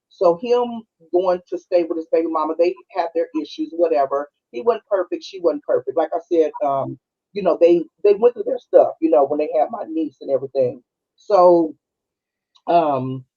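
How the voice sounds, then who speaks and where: A middle-aged woman from Kansas City speaks with a husky, breathy edge. She tells a personal story in a loose, heartfelt way to her co-hosts. The live-stream audio sounds dull and lo-fi. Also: low voice, dark tone. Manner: conversational, heartfelt, full of "you know" and "like". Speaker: podcast co-host.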